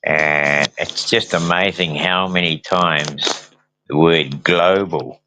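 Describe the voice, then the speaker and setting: A man's voice: deep voice, fairly even intonation, takes it slowly, bright, forceful tone, slight background noise. A man hosting a casual conversation, easygoing and swearing now and then. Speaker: host. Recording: dull, dry sound.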